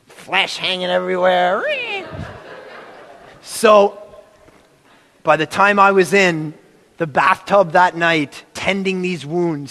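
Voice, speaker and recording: A man with a high voice preaches a sermon, telling a story in an animated way and acting out the quotes without hurrying. The long reverb of a large hall rings around his voice.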